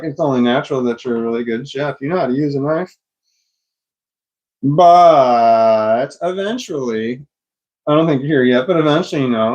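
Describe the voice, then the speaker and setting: A man's voice: on the high side, darkish tone. A man rambling through a casual monologue, full of fillers, restarts and swearing. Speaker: vlogger.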